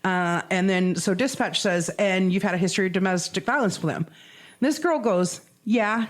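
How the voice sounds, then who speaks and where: A woman's voice: mid-range voice, moderate pace. A woman co-hosting a podcast, retelling a true crime case in casual chat, acting out the quotes and laughing often. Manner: animated storyteller, acts out quotes, swears, laughs often. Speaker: podcast co-host.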